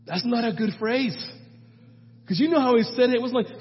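Male pastor, high voice, animated storyteller, sermon recorded dull and muffled with long hall reverb. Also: a little fast. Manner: animated storytelling, acts out biblical figures, swings loud and soft.

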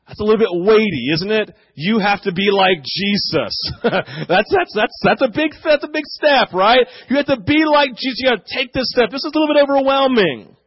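A man's voice: high-pitched, expressive, fairly quick, husky, no room sound, lo-fi sound. A male pastor preaching an emphatic sermon that rises and falls in volume. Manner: emphatic, rising and falling in volume.

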